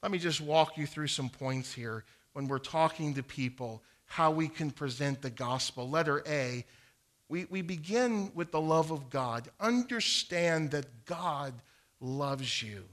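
High bright-voiced man preaching. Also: expressive, measured pace. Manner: earnest, repeats words when starting sentences; quotes King James Bible verses. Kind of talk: evangelism teaching talk.

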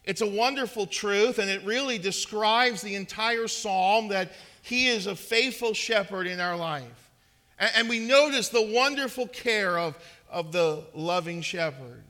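A man's voice: sits high, measured pace, sharp tone. A man preaching a sermon, earnest and emphatic, rising in intensity and repeating words as he presses each point. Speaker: pastor.

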